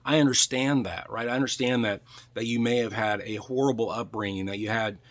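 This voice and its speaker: A man's voice: medium pitch, fairly even intonation, a little fast. A man, a real estate coach, giving an earnest, preachy motivational talk to his viewers and repeating phrases for emphasis. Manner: speaks to viewers directly, with frequent "right?" check-ins. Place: in his truck.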